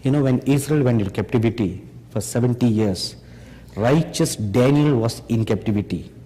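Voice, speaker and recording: A man preaching a sermon slowly and emphatically, pressing the audience with rhetorical questions. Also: mid-range voice, dark tone, a little hiss or hum. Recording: long hall reverb.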